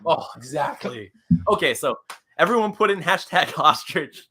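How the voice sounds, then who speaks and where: A young man co-hosting a live comics stream, rambling and excitable, laughing often. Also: fairly high pitch, normal speed, breathy edge. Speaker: co-host of a comics show.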